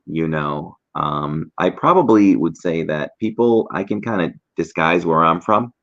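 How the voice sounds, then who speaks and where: Very deep-voiced American man hosting. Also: unhurried, muffled recording. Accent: neutral broadcast American. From Boston, Massachusetts. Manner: relaxed, chatty, playful with accents. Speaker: livestream host. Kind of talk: casual interview chat.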